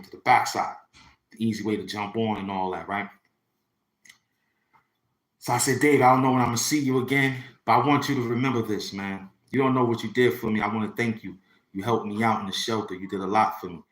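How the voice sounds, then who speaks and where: A man's voice: lowish voice, a bit bright, reverberant. A man, telling a personal story in a rambling, slangy way that keeps circling back. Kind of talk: casual storytelling.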